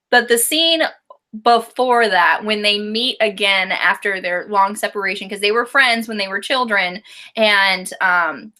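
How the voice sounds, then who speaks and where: A woman co-hosts a casual book review discussion, chatty and laughing often, with plenty of fillers. Her medium-pitched voice is slow-paced with a sharp tone.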